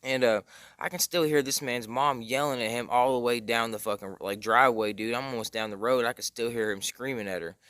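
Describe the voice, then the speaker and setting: A young man tells a casual story, rambling with slang, fillers and heavy cursing. His voice has a middle pitch. The sound is dry and close, with no room echo. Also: fairly quick, fairly bright tone. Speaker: storytime vlogger.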